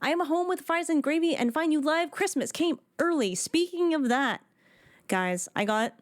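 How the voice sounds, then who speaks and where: A woman in her thirties chatting casually with viewers on a live game stream, excitable and prone to restarting her sentences. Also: sits high, normal speed, no room sound, clean studio sound.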